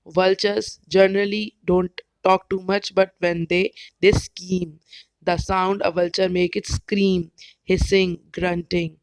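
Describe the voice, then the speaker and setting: A woman teacher with an Indian English accent, explaining slowly and carefully, sometimes spelling words out letter by letter. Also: on the low side, little pitch movement, smooth, no room sound, poor audio. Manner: careful, spells words out, brief animal imitations. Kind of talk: slow educational explanation.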